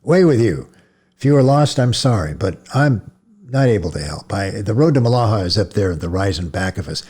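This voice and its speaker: A man reading a novel aloud, voicing a grieving male priest who swings from harsh commands to gentle coaxing. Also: low-pitched, very animated, moderate pace, breathy edge, heavily acted. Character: male priest, grieving, stern then tender. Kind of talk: audiobook character voice.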